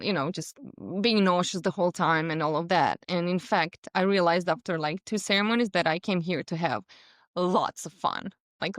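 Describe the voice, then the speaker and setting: A woman's voice: on the low side, dry recording, clean studio sound. A woman, a podcast guest telling a story animatedly in casual conversation. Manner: animated storytelling with laughs and voiced quotes.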